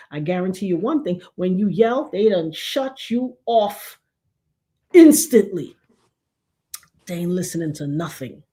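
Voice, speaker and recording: A middle-aged woman hosting a live talk show, giving emphatic, folksy relationship advice to her chat and now and then dropping to a near hush. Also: a little high. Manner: emphatic, preachy, folksy, drops to a hush for effect. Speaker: livestream talk show host.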